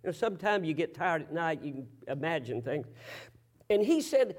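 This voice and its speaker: Preaching in a homespun storytelling manner, this man's voice rides on the high side with a sing-song lilt at ordinary speed. Rhetorical questions punctuate his sermon, along with sudden emphatic shouting.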